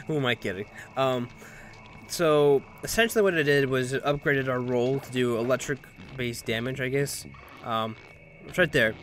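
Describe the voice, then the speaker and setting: A man's voice: mid-range voice, fairly bright tone, slight background noise. Rambling, jokey man narrating a game. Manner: rambling, jokey, swears, self-corrects. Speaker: let's play commentator. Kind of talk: casual gameplay commentary. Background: game music.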